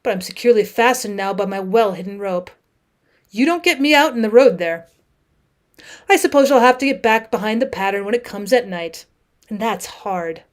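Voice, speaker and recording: A woman teacher reading a classic short story aloud as an audiobook. She reads dramatically, moving between hushed and raised passages. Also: on the high side.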